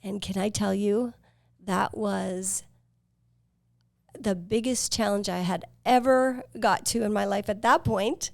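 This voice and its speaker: Woman in her 50s podcasting her life story, bit of vocal fry, dry close sound, earnest and thoughtful. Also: medium pitch, steady tone, no room sound. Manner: earnest, reflective, with fillers and pauses. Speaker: podcast host. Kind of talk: personal storytelling.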